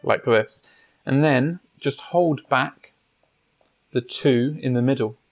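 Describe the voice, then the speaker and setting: Measured male piano teacher. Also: mid-range voice. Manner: measured, explanatory, with frequent pauses and fillers. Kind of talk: instructional explanation at the piano. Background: piano playing.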